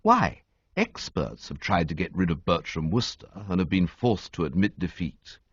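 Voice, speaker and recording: A man narrating a comic audiobook with an expressive, sweeping storytelling delivery, on a dull, dry recording. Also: deep voice, moderate pace, breathy edge, dry recording.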